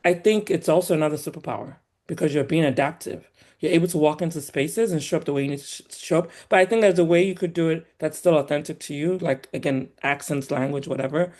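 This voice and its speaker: Woman with a Nigerian accent, animated. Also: deep voice, quick pace. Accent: Nigerian, polished by years in the US. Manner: animated and emphatic, laughs often. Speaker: guest. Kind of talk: casual conversation.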